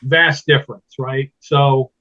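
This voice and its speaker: A man, a stand-up comedian, chatting as a guest in a casual interview and telling animated stories. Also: medium pitch, slow pace, muffled recording. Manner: animated storyteller, slips into impressions.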